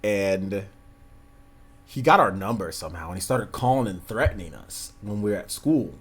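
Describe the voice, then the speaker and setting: A man's voice: on the low side, expressive, normal speed, fairly bright tone, slightly rough. A man in his thirties hosting a casual livestream, rambling through stories and laughing often. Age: 30s. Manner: rambling storytelling, frequent laughter. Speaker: livestream host.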